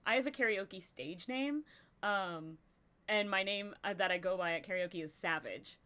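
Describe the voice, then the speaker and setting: A woman's voice: mid-range voice, normal speed, bright, forceful tone. A young woman co-hosting a live stream, chatting casually with a rambling flow and many fillers. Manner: rambling, lots of filler likes. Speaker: podcast co-host.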